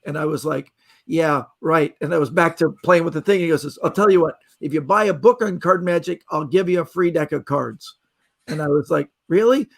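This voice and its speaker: A man's voice: fairly high pitch, brisk, creaky. A middle-aged man from Canada, a magician guest, telling stories in casual podcast talk and acting out the voices of people in them. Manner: animated storyteller acting out quoted voices.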